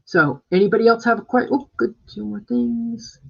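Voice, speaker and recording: A man's voice: extremely high pitch, normal speed, vocal fry, slightly rough. A man working as a real estate agent, chatting casually on a live stream from home and rambling with plenty of fillers and restarts. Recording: dull lo-fi live-stream audio.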